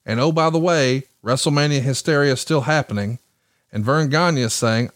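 A man co-hosting a podcast, walking through business history in a measured, explanatory way. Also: medium pitch, fairly bright tone, smooth, dry recording, studio quality. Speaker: podcast co-host. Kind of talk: podcast storytelling, reading notes.

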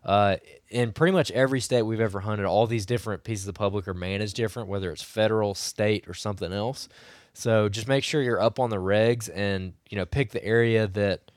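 A man, slightly hoarse from losing his voice, giving rambling, coaching advice as a podcast co-host. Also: fairly low pitch, brisk, dry recording, clean studio sound. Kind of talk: casual podcast chat.

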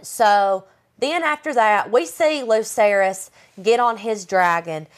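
A woman's voice: mid-range voice, takes it slowly. A woman co-hosting a podcast, casually retelling a TV episode with lots of fillers. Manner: chatty, filler-heavy, retelling scenes. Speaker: podcast co-host. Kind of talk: casual recap chat.

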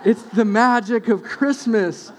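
A young adult man, a pastor, preaching a sermon with animated storytelling and quiet, earnest stretches. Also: very high-pitched, slow.

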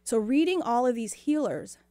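A woman's voice: on the high side, animated, moderate pace, dark tone, no echo. Chatty woman host, dry close sound. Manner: chatty, earnest, sprinkles in quoted dialogue. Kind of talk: personal storytelling on a spiritual radio show.

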